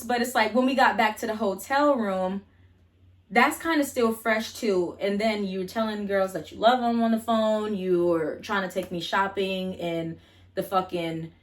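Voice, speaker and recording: A young adult woman vlogger telling a casual storytime, blunt and profane, chatty with lots of fillers. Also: mid-range voice.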